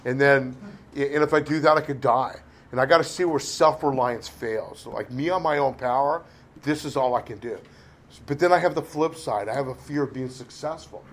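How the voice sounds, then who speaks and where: A man's voice: medium pitch, normal speed. A middle-aged man telling a candid recovery story in a rambling, self-deprecating way, full of "you know". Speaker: recovery speaker. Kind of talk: candid personal recovery talk.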